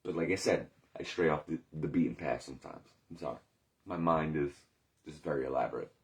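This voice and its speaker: A man's voice: rumbling low, brisk. A man in recovery telling his story in a candid, rambling monologue, swearing often and questioning himself aloud. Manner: rambling, profane, self-questioning.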